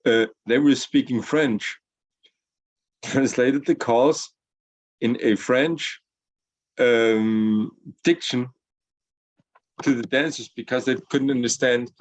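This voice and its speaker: A man in the class telling an anecdote haltingly, searching for words. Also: medium pitch, fairly even intonation, highs cut off. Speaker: participant in the class.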